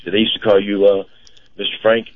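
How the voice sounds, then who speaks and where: A man co-hosting a casual radio show. He talks in a halting, chatty way with many fillers. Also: on the low side, completely flat delivery. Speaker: radio co-host and car dealer. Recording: dull lo-fi radio broadcast.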